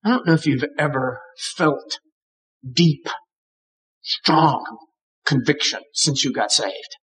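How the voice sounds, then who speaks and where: A man's voice: fairly high pitch, slow pace, fairly bright tone, low-quality recording. An older man preaching a sermon, with dramatic emphasis and acted-out voices. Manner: dramatic, acts out voices of God and characters.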